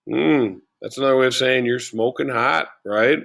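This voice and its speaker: A man's voice: mid-range voice, moderate pace, creaky, few pauses, fairly bright tone. A man teaching a play in a casual, chatty way, full of fillers like "you know.". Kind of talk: casual explanatory lesson.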